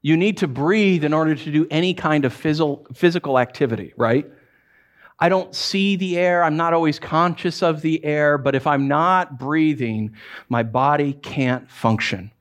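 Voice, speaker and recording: Guy pastor preaching, kinda high voice for a man, chatty and jokey, repeats stuff for emphasis. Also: normal speed. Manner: conversational and playful, with self-deprecating humor; emphatic repetitions. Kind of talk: sermon.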